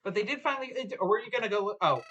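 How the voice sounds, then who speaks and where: A woman streamer chatting casually while guiding a guest through a game, with quick, giggly asides. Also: medium pitch, animated, fairly bright tone, dull audio.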